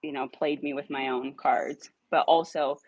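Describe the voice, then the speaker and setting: A woman casually telling a dog rescue story, animated, swearing now and then and acting out her own lines. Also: normal speed, breathy edge, dry recording, lo-fi sound. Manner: animated, acts out her own dialogue in a higher voice; swears casually when irritated.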